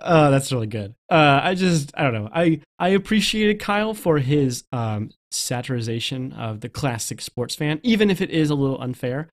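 Male co-host, mid-pitch, casual chatter with fillers and easy laughter. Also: expressive, moderate pace, few pauses. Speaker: podcast co-host. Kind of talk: casual film discussion.

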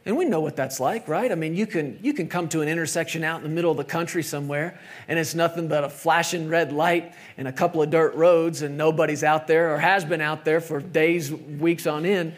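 High-voiced man preaching conversationally. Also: fairly even intonation, brisk. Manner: conversational preaching, drops to soft emphatic tones. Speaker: pastor. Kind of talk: sermon.

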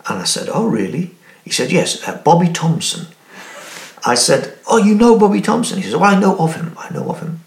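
A man's voice: a little high, sing-song, a little fast, vocal fry, reverberant. A middle-aged man telling a casual anecdote, laughing often and restarting sentences as a podcast guest. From Newcastle, England. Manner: storytelling with frequent laughs and restarts.

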